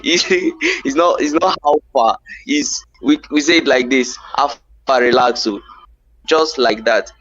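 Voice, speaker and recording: A man's voice: fairly high pitch, lively intonation, measured pace, fairly bright tone. Man explaining slang on a muffled call. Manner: patient, explains with repeats and restarts. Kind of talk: casual chat teaching slang.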